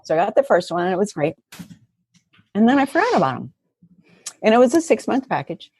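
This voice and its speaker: A woman therapist talks as a podcast guest, her voice a little husky and swinging widely in pitch. She tells stories with lots of laughter. The sound is close and dry. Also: a little fast, no room sound. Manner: animated, laughs often. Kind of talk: conversational storytelling.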